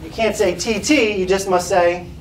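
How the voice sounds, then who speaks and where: A man's voice: high voice, steady tone, moderate pace, a little hiss or hum. A man teaching a children's music class, patiently guiding them and chanting rhythms for them to repeat. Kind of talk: classroom lesson with call and response. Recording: echoey classroom from far off.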